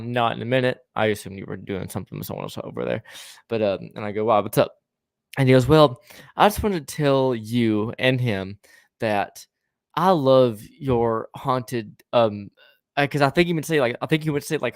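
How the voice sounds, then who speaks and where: A man's voice: mid-range voice, expressive, a little fast, vocal fry, no room sound, studio quality. A young man hosting a casual podcast livestream, playful, laughing often and tripping over his words. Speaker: podcast host.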